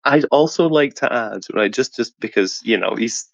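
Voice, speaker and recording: A man in a casual chat, cutting in eagerly to tell an excited story. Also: mid-range voice, moderate pace, gravelly, dry recording, lo-fi sound.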